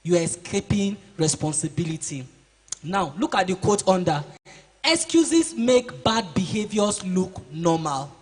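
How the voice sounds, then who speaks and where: High-voiced man lecturing boys. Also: lively intonation, unhurried, breathy edge, faint music behind. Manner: preachy, asks the audience questions and acts out excuses. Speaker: seminar speaker for boys. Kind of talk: motivational talk to teenagers. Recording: reverberant hall.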